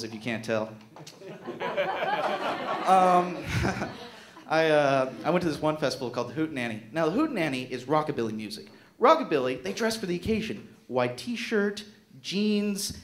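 A young man doing a self-mocking stand-up comedy set on a small theater stage. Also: high-pitched. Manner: animated, self-mocking, jumps into silly voices. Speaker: stand-up comic. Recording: roomy stage sound.

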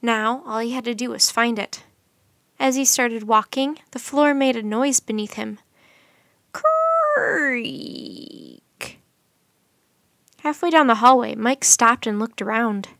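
A woman reads a children's bedtime storybook aloud, lively and expressive. Her voice is bright and sits a little high. The sound is dry and close. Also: normal speed, no room sound.

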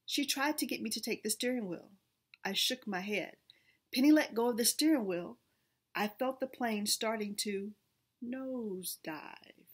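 A woman reading a children's storybook aloud, expressive and steady, with small restarts now and then. Her voice is breathy and sits a little high. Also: unhurried.

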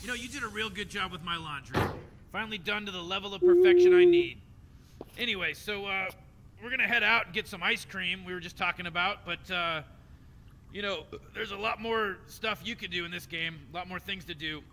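A man's voice: high-pitched, brisk, a bit bright, in a large hall, slight background noise. An actor playing a smug, scheming old male mad scientist in a video game, explaining things in a rambling, offhand way. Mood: instructing. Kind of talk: video game character dialogue.

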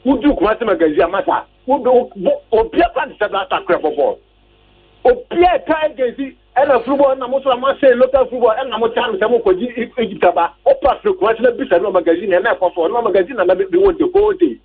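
A man's voice: extremely high pitch, very animated, fast talker, slightly rough, no room sound. A man calling a radio sports show, ranting agitatedly about the national coach. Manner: agitated, repetitive complaining. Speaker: caller. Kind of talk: heated phone-in rant. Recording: tinny phone line, distant.

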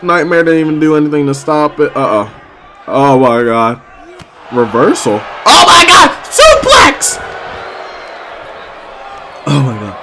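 A young man commentates a wrestling video game, shouting loud exclamations in slangy, excitable talk as his voice turns squeaky. There is background noise in the recording.

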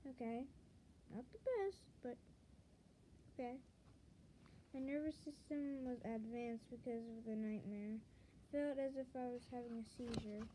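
A woman's voice: fairly high pitch, fairly even intonation, measured pace, pauses often, dark tone, a little hiss or hum, poor audio. A woman reading her own story aloud in an earnest, dramatic storytelling manner.

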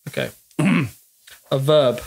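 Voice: medium pitch, slow pace, creaky, a little mellow, husky. Giggly podcast host running a word game. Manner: leads the segment, teasing and giggly. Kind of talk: casual comedy chat.

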